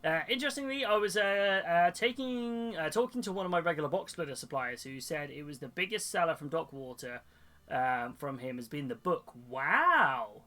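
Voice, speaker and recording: A man's voice: fairly high pitch, brisk, a bit bright. A man chatting casually on a live hobby stream, rambling along with many fillers and restarts. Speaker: hobby streamer and model kit seller. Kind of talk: casual live-stream chat while building models.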